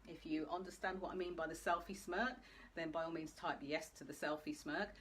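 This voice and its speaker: Low-voiced woman hosting a chatty talk. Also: steady tone, fairly quick, fairly bright tone, a little hiss or hum. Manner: chatty, addresses viewers directly. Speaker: host. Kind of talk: live video talk to viewers.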